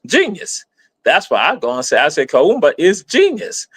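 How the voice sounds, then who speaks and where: Man, slightly high voice, teacherly and repetitive, spells terms aloud, dry close sound. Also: very animated, normal speed, breathy edge, no echo. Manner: repetitive, spells words out letter by letter; emphatic, teacherly. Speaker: live stream speaker. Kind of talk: explanatory live stream talk.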